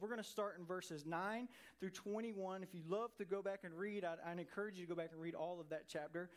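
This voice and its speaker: A middle-aged man preaching a conversational sermon as pastor, animated and full of rhetorical questions. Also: sits high. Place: church sanctuary.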